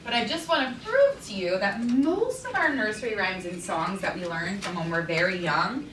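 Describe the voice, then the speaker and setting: A woman leading a classroom lesson, chanting steady beats and syllables with energy. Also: medium pitch, moderate pace. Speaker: teaching artist. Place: school classroom. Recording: echoey classroom, far from the mic, noisy.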